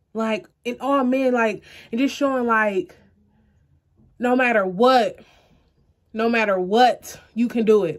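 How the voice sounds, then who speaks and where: A young woman vlogging to camera, earnest and close to tears, talking straight to her viewers. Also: a little high. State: close to tears, eyes puffy. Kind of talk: emotional personal vlog to camera.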